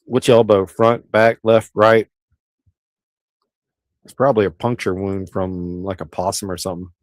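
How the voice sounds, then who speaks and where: A middle-aged man hosts a casual livestream, wandering easily through viewers' comments and often restarting his sentences. His voice is on the low side, delivered flatly at a measured pace, with no echo in the recording.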